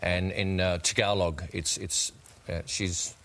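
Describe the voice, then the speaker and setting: Australian man, thirties, lowish voice, relaxed self-deprecating guest chat. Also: measured pace. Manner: chatty, self-deprecating, many fillers. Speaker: interview guest, tribute singer. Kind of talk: casual TV interview chat.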